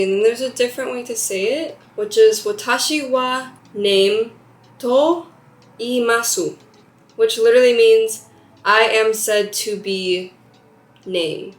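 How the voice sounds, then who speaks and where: A young woman in her twenties, chatting curiously in a casual language-learning vlog and laughing at herself. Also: fairly high pitch. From United States. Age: 20s. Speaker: vlogger. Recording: roomy sound with faint background music.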